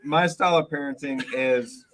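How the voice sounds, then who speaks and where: A man's voice: a little high, normal speed, a bit bright, low-quality recording. A man, a guest on a live podcast, speaking earnestly about firm parenting.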